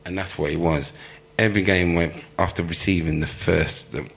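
A former footballer telling lively stories in an interview, laughing often and acting out the people he quotes. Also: deep voice, normal speed, vocal fry. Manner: animated storyteller, laughs often, acts out quoted voices. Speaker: former professional footballer, guest. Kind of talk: live storytelling interview.

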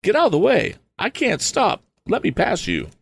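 A man voicing a young man on a runaway motorcycle, shouting frantic warnings. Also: mid-range voice, sing-song, moderate pace, slightly rough, voice pushed up. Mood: panicked.

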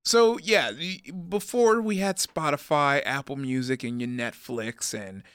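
A man's voice: mid-range voice, unhurried, fairly bright tone, clean tone, no room sound, clean studio sound. A man in his thirties co-hosting a podcast, rambling and joking, laughing often. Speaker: podcast co-host. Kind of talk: casual chat.

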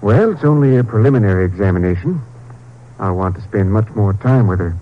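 An actor playing a calm, clinical psychiatrist, in 1940s radio acting on a tinny old broadcast. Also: male voice, on the low side, noisy background, lightly acted. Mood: measured. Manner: measured, clinical. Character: measured, professional male doctor.

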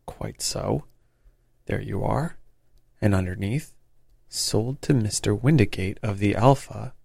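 A man voicing a surly market salesman who talks gruffly and blusters. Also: lowish voice, darkish tone, no echo, exaggerated voice. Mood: smug.

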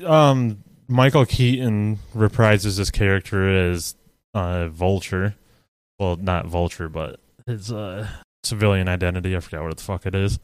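Laid-back, low-voiced podcast co-host man. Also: steady tone, measured pace, clean tone, no echo. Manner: laid-back, swears freely, trails off mid-sentence. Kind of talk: casual chat.

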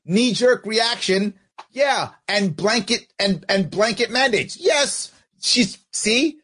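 A husky-voiced man talks back at a recorded speech with biting sarcasm. His pitch jumps around a lot, swinging from high mocking tones down to low muttered asides. He sounds like a political commentator picking apart every sentence. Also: expressive, takes it slowly, sharp tone. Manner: sarcastic, argues back at the clip. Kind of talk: mocking commentary over a clip.

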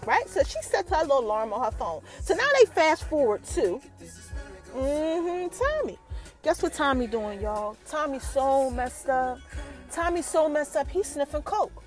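Animated high-voiced woman podcast host. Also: unhurried, soft background music. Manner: chatty and slangy, keeps calling out to listeners; teasing questions to the audience. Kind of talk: casual TV episode recap.

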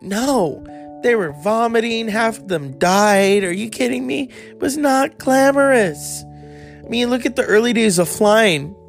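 A man telling a candid personal story in a rambling, casual way, swearing freely and adding animated asides. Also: very high-pitched, measured pace, gravelly, soft background music.

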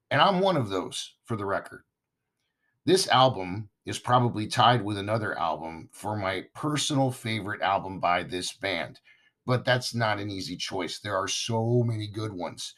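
Hoarse, raspy-voiced male podcast host. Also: lowish voice, a bit bright. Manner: chatty, enthusiastic, talks straight to listeners. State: hoarse, recovering from lost voice. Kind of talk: casual podcast monologue.

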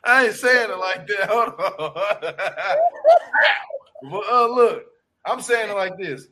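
A man with a high, bright voice, talking in a casual joking chat. He tells stories loudly and with lots of slang, laughing as he goes. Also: slow pace. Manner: loud, laughing, slangy, animated storytelling.

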